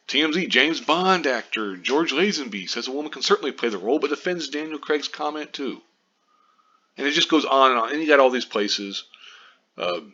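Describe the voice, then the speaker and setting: In a commentary vlog, a man with a bright, forceful mid-range voice rants straight at his viewers, staying irritated throughout. He swears often and wanders off into asides, sounding exasperated and rambling. The recording is muffled and lo-fi.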